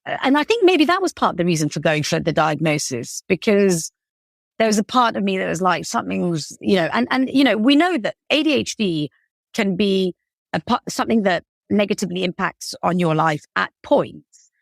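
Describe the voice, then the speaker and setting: A woman's voice: medium pitch, big pitch swings, brisk, creaky, no echo, clean studio sound. A woman in her forties with a British accent, chatting casually as a podcast guest, self-deprecating and full of fillers. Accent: British English. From England. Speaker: guest, cake business founder.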